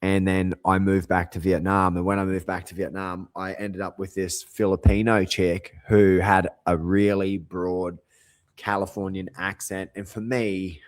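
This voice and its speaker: Rambling man, low dry voice. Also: level tone, unhurried, dry recording. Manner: rambling, digressive, full of asides. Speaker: vlogger. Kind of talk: casual monologue to camera.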